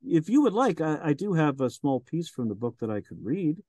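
An audiobook narrator appears as a guest in a casual interview, rambling and hesitant with plenty of fillers. His voice is on the high side, very animated, brisk and warm, with no room sound.

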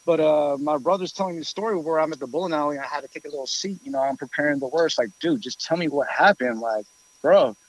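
A man telling a long story in casual chat, rambling with many fillers and lively quoted voices. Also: on the high side, fast, rough recording.

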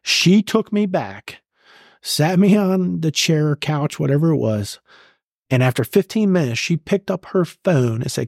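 A man's voice: a little high, lively intonation, a little slow, vocal fry, a little mellow, no echo, studio quality. A middle-aged American man, a retired senior soldier, telling his story bluntly and with plenty of swearing in an interview. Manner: blunt and profane, emotional retelling. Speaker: guest, retired command sergeant major.

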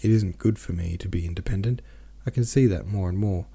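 A restless, self-pitying middle-aged merchant pleads and rambles on, voiced by a man reading a novel aloud. The voice is low and gravelly with a husky edge. It sounds very dark and mellow. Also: fairly quick, heavily acted. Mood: pleading. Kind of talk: audiobook character voice.

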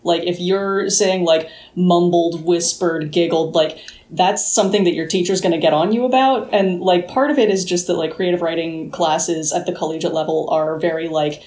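A woman co-hosting a book podcast, talking quickly in casual chat and filling her sentences with "like". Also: on the low side, fairly even intonation, a little mellow. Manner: quick, many "like" fillers. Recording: roomy echo.

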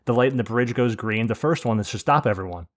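A man's voice: medium pitch, quick pace. A man hosting a podcast in casual chat, telling rambling stories with swearing and laughs. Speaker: podcast host.

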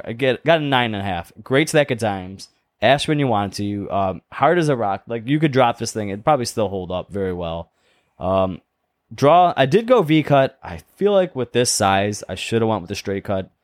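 A man's voice: fairly low pitch, no room sound. Man, podcast co-host, casual chat, laughs a lot, dry sound. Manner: laughs often, relaxed storytelling.

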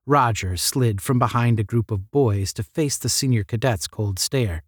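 A man reading a 1950s space-adventure novel aloud as narrator, with measured storytelling. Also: on the low side, no echo, studio quality.

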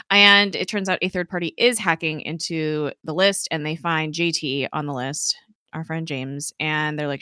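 A young woman casually recapping a TV episode, chatty and giggly, quoting the characters in quick voices. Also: low-pitched, sharp tone, smooth, dry recording, studio quality. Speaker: podcast co-host recapping a TV episode. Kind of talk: casual chat.

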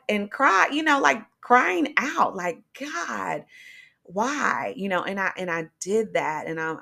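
Low, gravelly woman hosting a faith podcast. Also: a bit bright. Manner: earnest, conversational, frequent fillers. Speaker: podcast host. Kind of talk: faith-based encouragement podcast.

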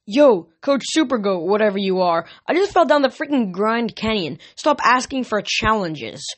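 A woman's voice: medium pitch, very animated, normal speed, voice pushed up. A woman reading a storybook, voicing a wisecracking teenage boy with slangy, sarcastic complaints. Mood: exasperated.

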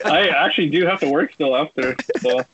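A man's voice: fairly high pitch, a little fast, background noise. A man co-hosting a podcast in casual chat, easygoing and hesitant, heard through wireless earbuds that sound airy. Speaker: podcast co-host. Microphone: wireless earbuds mic. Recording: dull, airy earbud mic.

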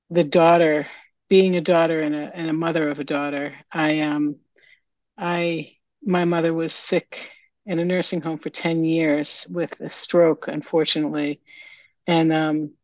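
A woman giving a candid, emotional share at a recovery meeting, halting with fillers, over a video call. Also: low-pitched, no room sound. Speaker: meeting member sharing. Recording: dull lo-fi video call audio.

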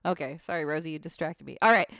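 A woman co-hosting a podcast, telling ghost stories in a casual, animated way and laughing often. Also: sits low, fast talker, a crowd in the background. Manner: animated, laughs often, reads facts with asides. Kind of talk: casual storytelling chat.

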